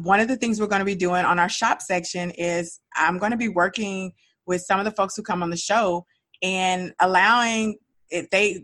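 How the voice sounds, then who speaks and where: Woman hosting her own podcast, chatty and lively, mid-pitched voice, dry close mic. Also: no room sound. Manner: chatty, animated, speaks directly to listeners. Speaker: podcast host. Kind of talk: casual solo podcast talk.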